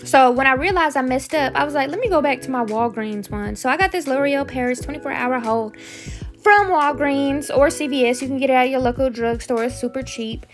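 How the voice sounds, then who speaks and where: A young woman narrates a beauty tutorial in a loose, chatty voice-over. Her voice sits high, and she pokes fun at herself as she goes. Faint music plays behind her. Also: brisk. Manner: goofy, self-mocking, chatty. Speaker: beauty vlogger.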